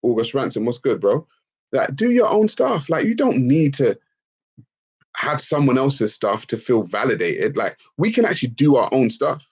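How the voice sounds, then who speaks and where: A man's voice: medium pitch, big pitch swings, moderate pace, husky. A man hosting a livestream Q&A, ranting emphatically and swearing freely as he answers the chat. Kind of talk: livestream Q&A rant.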